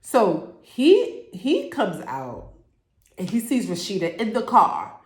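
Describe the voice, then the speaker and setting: A woman talks through a TV episode in a casual recap. Her pitch rises and falls a great deal as she tells it, and she sounds as if she is in a room with noticeable echo. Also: slow pace. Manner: animated, acts out characters' lines in quotes. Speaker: YouTube show reviewer.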